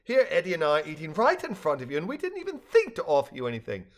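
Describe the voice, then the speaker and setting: A man's voice: a little high, big pitch swings, fairly quick, fairly bright tone, voice pushed up. A man voicing a kind, fussing motherly woman who hosts guests, talking in gushing exclamations.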